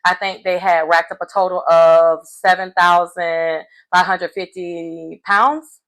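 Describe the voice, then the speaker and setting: Woman, casual recap, animated, slangy, chatty storyteller. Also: fairly low pitch, slow pace, low-quality recording. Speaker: recap host.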